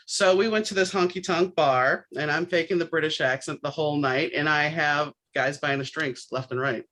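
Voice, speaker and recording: A woman's voice: sits low, steady tone, normal speed, few pauses, a bit bright, low-quality recording. A middle-aged woman from New Orleans hosting a podcast, telling stories casually and acting out the other people in them. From New Orleans, USA. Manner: acts out the quoted voices in her stories. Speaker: podcast host. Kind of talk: casual conversational storytelling.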